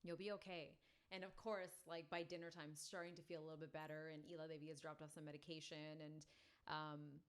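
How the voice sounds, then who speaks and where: A woman podcast guest telling a personal story, animated and full of "like" fillers. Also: sits low, brisk, smooth. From family from India.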